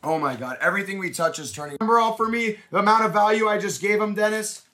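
A man hosting a live card-break stream, hyping pulls with rapid, repeated shouted exclamations. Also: high-pitched.

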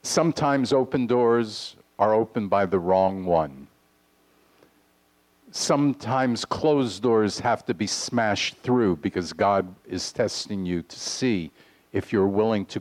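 Man, preacher, sermon, low voice, slow deliberate delivery, earnest. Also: a little mellow. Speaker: pastor. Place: congregation hall.

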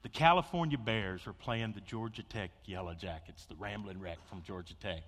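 A man preaching a sermon, telling stories with big swings between loud excitement and hushed intensity. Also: lowish voice, moderate pace. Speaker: pastor. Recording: long hall reverb.

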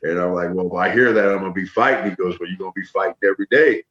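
Middle-aged guy from up north, deep voice, animated storytelling, kinda muffled recording. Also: racing, reverberant. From northern United States. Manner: animated storyteller, acts out quotes. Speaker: interview guest, former wrestler. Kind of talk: casual storytelling. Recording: dull lo-fi sound.

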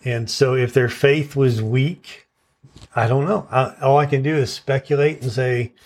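Earnest male preacher, mid-pitched voice, teaching style with frequent check-ins. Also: steady tone, a little slow, a little mellow. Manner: earnest, repeats "okay?" to check in with listeners; stresses verse words in turn as he recites. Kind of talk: sermon.

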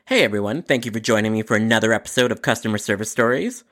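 A man's voice: on the low side, animated, rapid-fire, fairly bright tone. A man hosting a podcast, narrating a customer service story with an exasperated, sarcastic inner monologue. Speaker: podcast host.

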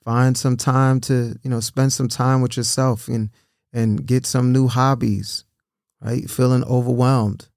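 A man's voice: medium pitch, vocal fry, a little mellow, dry recording, studio quality. A man giving casual, earnest encouragement, often repeating himself and checking in with "right?".

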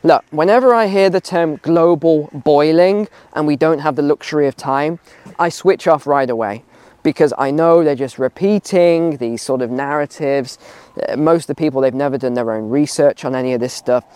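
A man's voice: fairly high pitch, normal speed, darkish tone, clean tone, dry recording. A man talking outdoors on a walk, giving emphatic opinions and repeating phrases for stress. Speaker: video commentator. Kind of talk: casual opinion vlog while walking.

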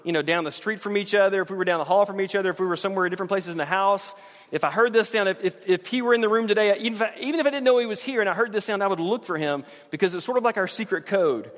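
A man's voice: high voice, very fast, fairly bright tone, in a large hall. A middle-aged man preaching a sermon as a pastor, talking to the congregation in a conversational way and repeating words when he stresses a point.

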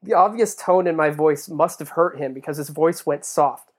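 A woman's voice: deep voice, level tone, moderate pace, a little mellow. A woman co-hosting a comedy podcast, reading fan fiction aloud with dry, teasing asides. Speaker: podcast co-host.

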